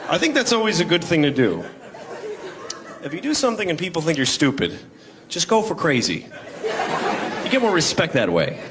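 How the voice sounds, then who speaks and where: Male stand-up comic, self-deprecating rambler, lively voice swinging high and low, live concert recording, loud crowd laughter. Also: normal speed, pauses often, noisy background. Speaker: stand-up comedian. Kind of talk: stand-up comedy. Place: large concert hall with a laughing audience. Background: audience laughter.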